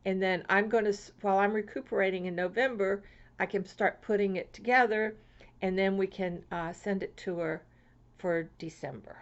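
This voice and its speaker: A woman from Florida chatting casually to her viewers as she opens mail, gushing and excitable and swooping high over each gift. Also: moderate pace. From Florida, USA. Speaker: crafting vlogger. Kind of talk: casual chat opening mail. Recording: lo-fi home video sound.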